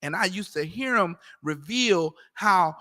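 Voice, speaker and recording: A man talking casually in a scripture class, animated and mocking, acting out the voices he quotes. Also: high voice, measured pace, long reverb tail. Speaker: class teacher.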